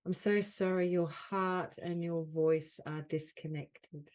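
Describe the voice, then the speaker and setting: Low, mellow-voiced woman guiding a healing call. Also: fairly even intonation. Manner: slow, repetitive soothing phrases. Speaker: soul mentor leading a group call. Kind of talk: guided healing session. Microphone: video call.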